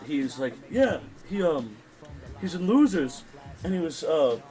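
A man's voice: fairly high pitch, very animated, unhurried, mellow, rough recording. A man hosting a podcast, telling a story with lots of swearing and laughter. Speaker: podcast host. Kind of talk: casual chat.

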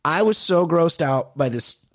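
A man co-hosting a podcast in casual chat, ranting in an animated way and swearing often. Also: on the high side, unhurried, no room sound, clean studio sound. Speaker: podcast co-host.

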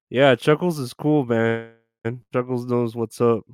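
A man hosting a live stream, greeting viewers by name in loose, profane chat with frequent laughs. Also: mid-range voice.

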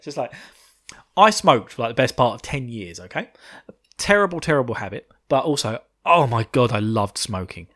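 A man's voice: mid-range voice, big pitch swings, moderate pace, bright, forceful tone. A man in his thirties co-hosting a podcast, casually recapping an anime episode in a rambling way, chuckling often and swearing freely. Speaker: podcast co-host.

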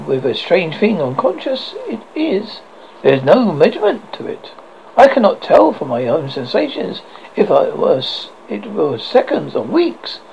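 A man's voice: high voice, creaky, lo-fi sound, slight background noise, heavily acted. A man voicing a shaken, nervous young male student in a horror story reading, jittery and self-reproaching.

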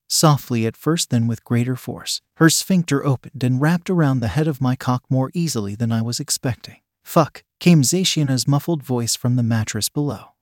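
A man narrating a first-person story in a steady, measured reading voice. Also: mid-range voice, no echo, clean studio sound.

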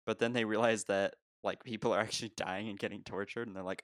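A man's voice: on the low side, steady tone, fast talker, few pauses, a bit bright, no echo, clean studio sound. A young man co-hosting a casual movie podcast, joking, swearing and laughing often. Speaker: podcast co-host.

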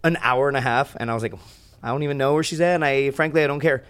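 A young man telling a story as a podcast guest, in rambling, profane casual chat with lots of animated asides. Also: mid-range voice, fast talker, clean tone.

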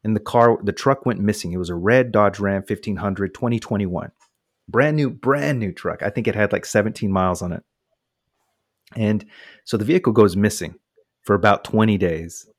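A man's voice: fairly low pitch, normal speed, dry recording, studio quality. A man from the United States casually telling a long personal story, acting out quotes from the people involved. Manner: animated anecdote with voiced quotes.

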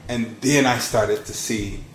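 A man in his thirties, a podcast guest telling his story in a casual, animated way. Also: unhurried, roomy sound, a little hiss or hum. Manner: animated storyteller, acts out quotes with big pitch swings. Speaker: podcast guest, launch strategist.

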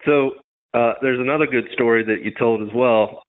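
A man hosting a podcast, asking relaxed questions with some fillers. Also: medium pitch, normal speed. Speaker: podcast host. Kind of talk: casual interview. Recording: tinny phone-like sound.

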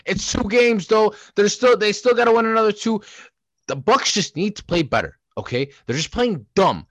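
A young man co-hosts a heated sports debate, cursing and ranting with his voice leaping up and down. His pitch sits a little high. The close mic sounds dry, with no room around it. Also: normal speed, no room sound. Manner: profane, animated ranting. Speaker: podcast co-host.

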